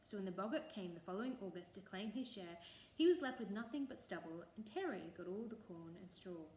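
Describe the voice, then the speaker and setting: A woman telling a traditional folk tale in an expressive, lilting storytelling way. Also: medium pitch, fairly quick, slight background noise. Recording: echoey room, faint ambience.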